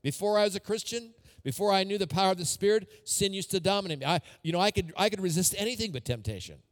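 A man's voice: high-pitched, lively intonation, quick pace, long reverb tail. A man preaching a sermon as a pastor, talking conversationally with personal stories and repeated phrases.

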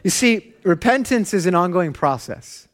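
Pastor, man, young adult; lively storytelling sermon, slightly high voice, self-mocking laughs. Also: moderate pace. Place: church hall.

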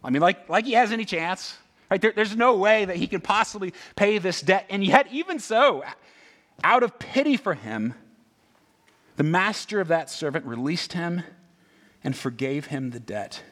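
A pastor with a voice that sits high preaches at normal speed. His delivery is conversational and animated, and he keeps putting rhetorical questions and "right?" asides to his listeners.

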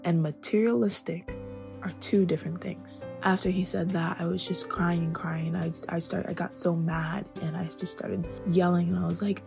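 A young woman hosting a podcast, telling her personal story in a soft-spoken way that often drops to a whisper. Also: on the low side, steady tone, normal speed, creaky, over music. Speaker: podcast host.

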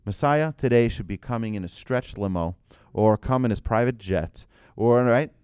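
A man giving an animated religious lesson to a group, asking rhetorical questions and telling anecdotes. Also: medium pitch, moderate pace, smooth, no echo, studio quality.

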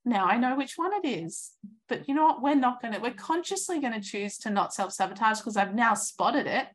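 A woman in her thirties giving an earnest, encouraging coaching talk, acting out inner thoughts in lively voices. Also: a little high, fairly quick. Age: 30s.

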